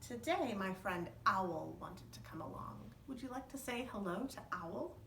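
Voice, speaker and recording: A woman librarian doing storytime for young children, animated, singsong and encouraging, recorded in a library. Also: mid-range voice, moderate pace, gravelly, a little hiss or hum. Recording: roomy echo, distant from the mic.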